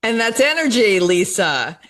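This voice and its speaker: A woman's voice: mid-range voice, big pitch swings, unhurried, fairly bright tone. A middle-aged woman life coach talking in a podcast conversation, enthusiastic and motivational, repeating phrases for emphasis.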